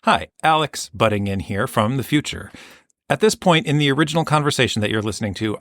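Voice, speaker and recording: Guy on a history podcast, average pitch, laid-back wry storytelling. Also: fairly bright tone. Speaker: podcast host. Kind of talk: casual storytelling about local history.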